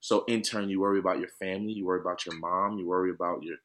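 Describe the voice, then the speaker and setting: Emphatic low-voiced man, casual chat. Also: rapid-fire, slight background noise. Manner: emphatic, animated, slangy. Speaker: podcast co-host, professional football player.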